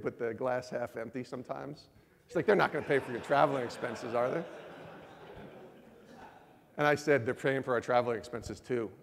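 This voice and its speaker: A man's voice: medium pitch, gravelly, in a large hall. A man in his forties sharing a personal testimony with a men's group, acting out both sides of his conversations. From Northeast US. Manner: animated storytelling, acts out both sides of conversations. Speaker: speaker at a men's ministry event.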